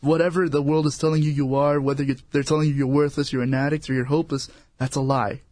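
A man's voice: fairly high pitch, flat delivery, fast talker, darkish tone, no echo. A man speaking as a guest on a faith talk show, earnest and encouraging, often repeating words.

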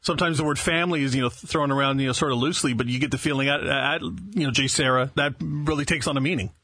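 A man's voice: mid-range voice, fairly even intonation, sharp tone, no room sound. A man hosting a sports radio show, asking long chatty questions full of fillers. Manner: fast, chatty, filler-heavy. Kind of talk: radio interview.

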